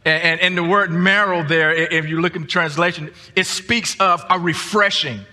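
A man preaching a sermon as a guest speaker, often repeating words and rising to emphatic shouts. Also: high voice, fairly even intonation, normal speed. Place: church sanctuary. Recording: long church reverb.

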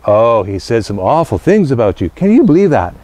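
A man's voice: medium pitch, sing-song, a little fast, a little mellow, close to an everyday voice. A man voicing a mischievous male squirrel who gleefully stirs up trouble between two rivals. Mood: gossipy. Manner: sly, gleeful stirring of trouble.

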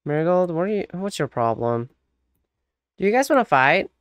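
A let's play host chats through a gameplay session, bossing the game characters around and laughing often. The voice is smooth and clean, captured dry and close on a home mic with no room sound. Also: mid-range voice, very animated, moderate pace, no room sound. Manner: chatty, giving orders to game characters. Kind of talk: casual gameplay commentary.

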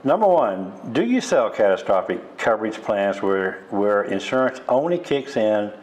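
A man's voice: fairly low pitch, big pitch swings, moderate pace, a little mellow, poor audio. An older man from the United States hosting a casual interview in an insurance office, friendly and rambling, often repeating himself. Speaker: host.

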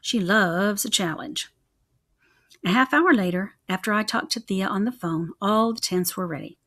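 A young adult woman reading a children's chapter book aloud in an expressive, rhythmic way. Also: mid-range voice, fairly quick. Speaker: reader.

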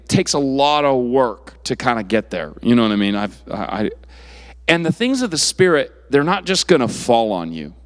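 A man's voice: mid-range voice, big-room sound. A young man preaching to a youth group in a casual, conversational way, full of fillers and restarts. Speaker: youth pastor. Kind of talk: youth sermon.

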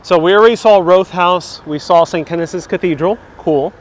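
A man's voice: sits high, moderate pace. A man hosting a live travel stream outdoors, chatting and joking as he answers viewer comments, on a clip-on mic. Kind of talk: casual live-stream chat while walking. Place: outdoors on town streets. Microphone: wireless clip-on mic.

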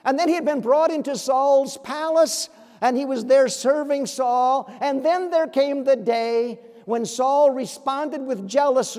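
A man's voice: very high-pitched, a little mellow, in a large hall. A male pastor preaching a sermon in earnest, pressing his listeners with pointed rhetorical questions. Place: church sanctuary.

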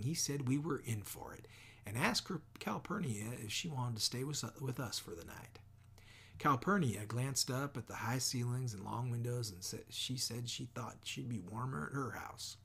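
Guy reading a novel, gravelly raspy voice, slips into whispers a lot. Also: medium pitch, fairly bright tone. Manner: measured reading, dropping often into near whispers. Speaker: audiobook reader. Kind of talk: audiobook narration.

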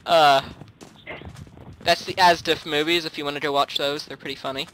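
A man chatting casually while playing a game, excitable and laughing often. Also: a little high, moderate pace, slight background noise. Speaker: gamer, co-host. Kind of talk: casual let's play chat.

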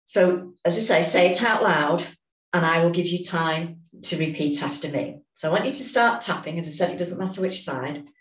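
A woman leading a guided emotional tapping session, giving calm step-by-step instructions and phrases to repeat. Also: lowish voice, moderate pace, a little hiss or hum. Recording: echoey room, distant mic.

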